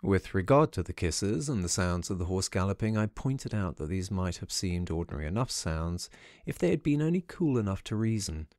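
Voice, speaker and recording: Guy reading a ghost story audiobook, measured delivery, lowish voice, dry close sound. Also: sing-song, a little mellow, dry recording. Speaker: audiobook narrator. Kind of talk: scripted first-person ghost story narration.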